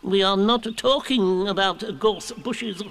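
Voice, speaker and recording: A man's voice: high voice, expressive, normal speed, fairly bright tone, no echo, voice pushed up. A man reading a storybook aloud and voicing a pompous, know-it-all owl in a superior, lecturing manner. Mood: lofty.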